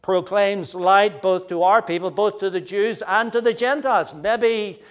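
A man with a high voice and steady tone gives an earnest, explanatory expository sermon. Fillers often break his flow, and he keeps turning to speak to the children.

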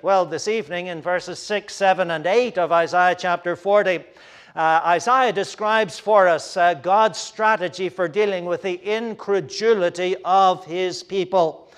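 Male pastor, high and clear voice, measured sermon delivery with restarts. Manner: measured preaching with frequent uh fillers and restarts. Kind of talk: expository sermon.

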